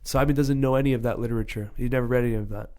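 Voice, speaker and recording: A young man co-hosting a casual podcast chat, telling a long, rambling story with plenty of swearing and acted-out bits of dialogue. His voice sits at an ordinary male pitch. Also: steady tone, very fast, dark tone. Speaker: podcast co-host.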